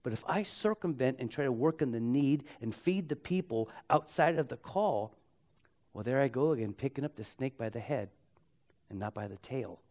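A man preaching a sermon as pastor, emphatic and repeating key phrases, slowing down to stretch words and drawing the congregation into call-and-response. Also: medium pitch, expressive, darkish tone.

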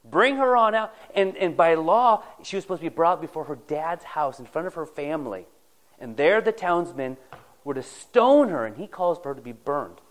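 A man's voice: on the high side, lively intonation, normal speed. A man preaching a sermon, retelling a Bible story in a folksy, conversational way and addressing the congregation directly. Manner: folksy storytelling, acting out the characters' lines.

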